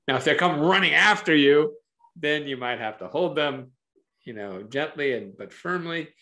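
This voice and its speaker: A man, a psychologist, explaining parenting ideas in a conversational interview, animated and thoughtful, often acting out voices in quotes. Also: a little high, moderate pace. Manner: thoughtful, uses metaphors to explain. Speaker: psychologist and author, interview guest.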